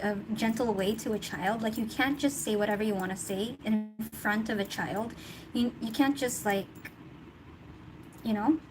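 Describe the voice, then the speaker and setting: A woman giving a casual tarot reading, chatty and thinking aloud, laughing often. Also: on the high side. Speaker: tarot reader. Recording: noticeable background noise.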